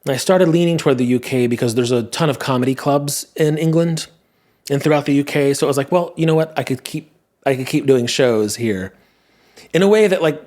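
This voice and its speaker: A man's voice: medium pitch, fairly quick, a little mellow. Guy in his 30s just rambling on his podcast, chatty, keeps second-guessing himself. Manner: rambling, self-questioning, chatty. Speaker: podcast host and comedian. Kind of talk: casual monologue.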